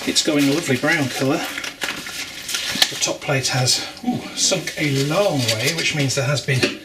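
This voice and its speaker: A man's voice: mid-range voice, measured pace. A man casually explaining his home brewing as he works, with wry asides and a bit of effort while stirring. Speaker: home brewer. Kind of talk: casual how-to vlog narration. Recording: loud background noise with clattering.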